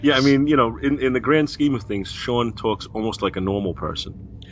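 A man's voice: mid-range voice, normal speed. A man hosting a podcast in casual chat, laughing often as he talks. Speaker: podcast host. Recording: dull lo-fi audio with faint hiss.

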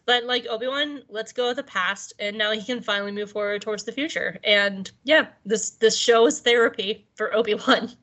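Chatty woman podcast cohost, jokey recap, bright voice. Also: fairly high pitch, moderate pace, hardly any pauses, poor audio. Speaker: podcast co-host. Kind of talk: casual episode recap.

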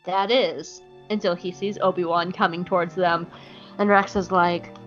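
A woman hosting a casual recap show, animated and playful, swearing freely. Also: fairly low pitch, moderate pace, highs cut off, faint music behind. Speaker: podcast host recapping an episode. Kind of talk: casual chat.

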